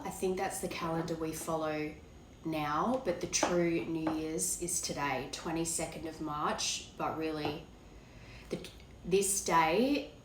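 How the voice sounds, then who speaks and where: A woman with a hoarse, cracking voice from being unwell, giving a rambling, hesitant tarot reading to her viewers. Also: sits low, roomy sound, slight background noise, low-quality recording. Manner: rambling, hesitant, many fillers. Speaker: tarot card reader. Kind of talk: casual tarot reading to camera.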